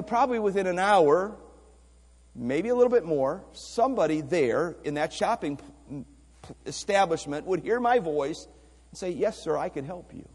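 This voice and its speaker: A man's voice: on the high side, darkish tone, slightly rough. A man preaching a missions sermon, emphatic, asking rhetorical questions and repeating words as he goes. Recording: long hall reverb.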